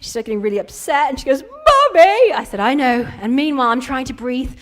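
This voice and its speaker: A woman's voice: sits high, rapid-fire. A woman, telling playful stories in a conference keynote. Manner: playful storytelling with acted-out quotes. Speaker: keynote speaker.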